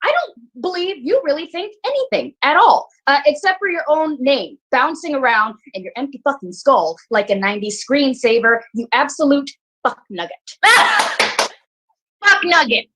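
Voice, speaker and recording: High-voiced cursing angry actress, all insults, video call comedy. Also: female voice, expressive, moderate pace, fairly bright tone, poor audio. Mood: furious. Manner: profane, cutting insults. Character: foul-mouthed furious actress Daphne.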